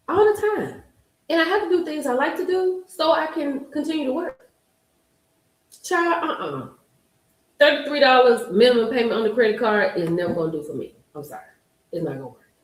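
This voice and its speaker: A woman in her forties hosting a live stream, chatting casually and telling stories straight to her viewers. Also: fairly high pitch. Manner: chatty storyteller addressing viewers directly. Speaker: livestream host. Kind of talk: casual gossip livestream chat. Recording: roomy echo.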